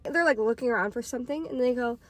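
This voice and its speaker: Speaking fast in a voice on the high side, a twenty-something podcaster and storytime vlogger rambles through a casual story. She leans heavily on fillers, saying "like" again and again.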